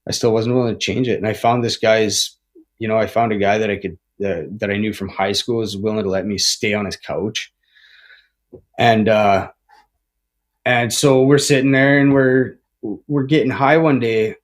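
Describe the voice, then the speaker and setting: As a podcast guest, a man in his forties recounts his recovery openly, his voice on the low side with fairly even intonation at normal speed. Lots of swearing, "right?" and "man" tags, and frequent rambling restarts mark his speech.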